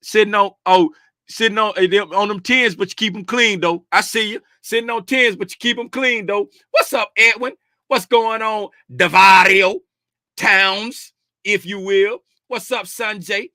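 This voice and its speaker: Bright-voiced man hosting a market livestream. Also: high-pitched, fairly even intonation, unhurried, no echo, clean studio sound. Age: middle-aged. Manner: chatty, greets viewers by name and laughs often; easygoing slangy talk. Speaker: livestream host reviewing futures markets. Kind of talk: casual livestream market commentary.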